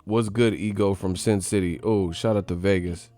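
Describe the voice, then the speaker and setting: A man hosting a boxing channel livestream, chatting casually with slangy, profane banter and shout-outs to viewers. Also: low-pitched, fairly even intonation, normal speed, faint music behind. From California.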